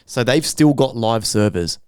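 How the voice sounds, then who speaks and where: Laid-back bloke telling stories. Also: male voice, medium pitch, lively intonation, a little slow, clear, resonant tone, no room sound, studio quality. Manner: swearing storyteller, acts out quotes with voices. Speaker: podcast co-host. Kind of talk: casual chat.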